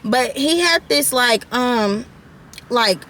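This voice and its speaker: A woman's voice: fairly high pitch, expressive, takes it slowly, a bit bright, slight background noise. An eighteen-year-old woman vlogger telling a casual storytime monologue into her camera mic, rambling with lots of "like" and "y'all" asides.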